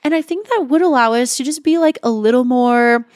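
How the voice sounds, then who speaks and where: A young woman with a fairly high voice chats loosely, wandering through her thoughts and walking them back as she goes. The recording is dry and close. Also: fairly quick, darkish tone, dry recording. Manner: chatty, rambling, corrects herself mid-thought. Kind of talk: casual chat.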